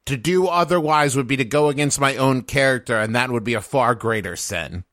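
A bold, defiant warrior defending himself before judges, played by a man at a game table. He has a bright, forceful voice and argues bluntly, in plain speech. The sound is dry and close. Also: mid-range voice, brisk, no echo, close to an everyday voice. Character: brash, defiant male warrior on trial. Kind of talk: in-character tabletop role-play.

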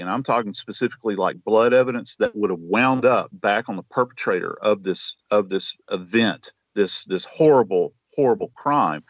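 Measured man on a dull remote line. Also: mid-range voice, fairly bright tone, no room sound. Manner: measured, deliberate, stumbles and repeats. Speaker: forensic expert guest. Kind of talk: expert commentary.

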